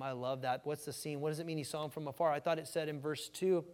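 Animated preacher in a reverberant hall. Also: male voice, fairly high pitch, brisk, few pauses. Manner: animated, repeats words, asks the congregation "amen?". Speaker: pastor. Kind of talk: sermon.

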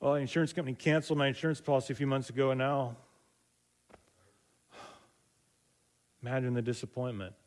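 A man's voice: medium pitch, steady tone, fairly quick, long pauses, darkish tone. A middle-aged man preaching a sermon, telling stories in a loose conversational way with many fillers and restarts and acting out the voices of people in them. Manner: acts out quoted voices in dialogue. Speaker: pastor.

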